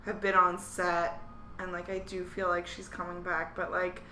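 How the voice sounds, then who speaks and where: A woman's voice: fairly low pitch, monotone, normal speed, bright, forceful tone, slight background noise. A woman co-hosting a podcast in casual chat, talking through ideas and acting out lines in quotes. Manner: chatty, acts out characters' lines in quotes. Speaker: podcast co-host. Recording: echoey room.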